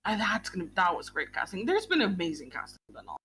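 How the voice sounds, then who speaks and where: A young woman hosting a book club stream in casual chat, talking in a quick, gushing way and swearing casually. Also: mid-range voice, huge pitch swings, fairly bright tone, breathy edge.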